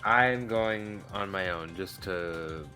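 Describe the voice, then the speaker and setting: A man's voice: sits low, slow, pushed and bright, soft background music. A man playing a tabletop game in an easygoing way. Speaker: player. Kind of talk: tabletop role-play.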